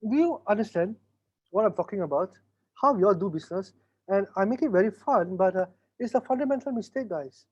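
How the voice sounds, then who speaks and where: A man with a Malaysian English accent runs an online business workshop, teasing his students and playing out little sales scenes. His voice sits high for a man. The audio is somewhat dull and lo-fi, like a video call. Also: a little fast. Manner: lively, teasing, acts out sales dialogues. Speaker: business trainer. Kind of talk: online workshop lecture with role-play.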